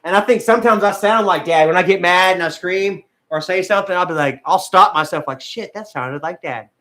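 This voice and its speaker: A man's voice: high voice, brisk, a bit bright. A man chatting casually as a vlogger, rambling and swearing, with man and bro tossed in often. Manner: rambling, profane, says man and bro a lot. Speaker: vlogger reading live chat. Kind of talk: casual chat.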